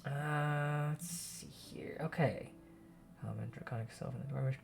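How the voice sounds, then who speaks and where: A man narrating a tabletop game as game master, expressive and pausing often to correct himself. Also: medium pitch, creaky, slight background noise. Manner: expressive narration with frequent self-corrections and fillers.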